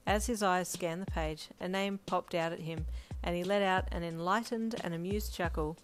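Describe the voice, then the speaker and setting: A woman narrates a fanfiction audiobook in steady storytelling fashion. Her voice sits fairly low for a woman, and quiet lo-fi drum music plays underneath. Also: normal speed. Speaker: fanfiction reader. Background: faint lo-fi drum music.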